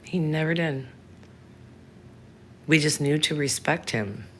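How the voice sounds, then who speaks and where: A woman's voice: deep voice, slow, fairly bright tone, slight background noise. A woman in her thirties hosting a casual livestream, chatting frankly and answering viewers by name. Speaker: livestream host.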